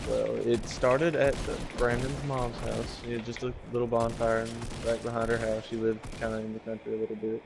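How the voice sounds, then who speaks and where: A man telling a story in a halting, laid-back way, full of fillers. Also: mid-range voice, completely flat delivery, gravelly, background noise. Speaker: friend on a gaming stream. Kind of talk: casual storytelling.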